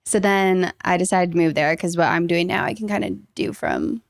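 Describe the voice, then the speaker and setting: A woman's voice: on the low side, moderate pace, gravelly, no echo, clean studio sound. A young adult woman with a Minnesota accent, chatting as a podcast guest, laughing often and filling with "like". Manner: laughs often, many "like" fillers. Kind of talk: casual interview chat.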